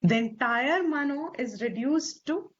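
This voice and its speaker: Indian woman teaching a scripture class, slow and deliberate, husky voice, kinda dull lo-fi audio. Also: sits high, expressive. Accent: Indian English. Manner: slow, deliberate, stresses Sanskrit terms, asks rhetorical questions. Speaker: Vedanta teacher. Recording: slightly dull lo-fi recording.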